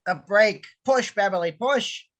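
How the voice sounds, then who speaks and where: Woman voicing a sarcastic grown male duck, mid-pitched, quick with quips. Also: lightly acted. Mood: wisecracking. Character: wisecracking adult male duck. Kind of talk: amateur script reading.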